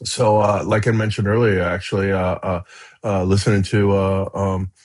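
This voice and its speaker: A middle-aged man, a podcast guest, telling a story in a lively casual way, acting out the shouts and filling in with "you know" and "right?". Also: low voice, normal speed.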